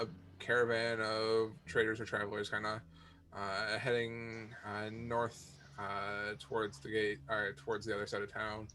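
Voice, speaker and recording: A man narrating a tabletop game as game master, halting with many fillers and restarts. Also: fairly low pitch, bright, forceful tone.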